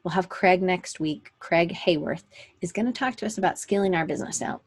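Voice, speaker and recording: A woman with a brisk, husky, fairly low voice hosts a weekly online session for creatives. She chats casually into a computer microphone, rambling with fillers and self-corrections in a relaxed live-stream style.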